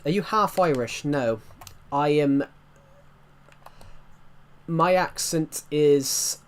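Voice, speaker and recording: A man's voice: on the high side, extremely slow. A man with a West Country accent chatting casually to his viewers while playing a game, rambling and restarting his sentences. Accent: West Country English. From England. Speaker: streamer. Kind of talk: casual live-stream chat while playing.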